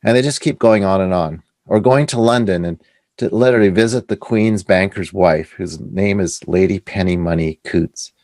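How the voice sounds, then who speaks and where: A middle-aged Canadian man, an author being interviewed, telling animated anecdotes and acting out what other people said. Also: low-pitched, normal speed, dry recording. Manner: animated anecdotes with quoted voices. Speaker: author and guest. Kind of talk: casual storytelling interview.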